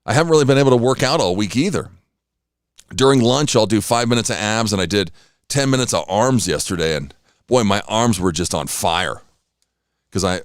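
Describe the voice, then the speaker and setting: A man's voice: medium pitch, no room sound, studio quality. A tired man hosting a casual morning radio show, rambling and self-deprecating, acting out little pleas. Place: radio studio.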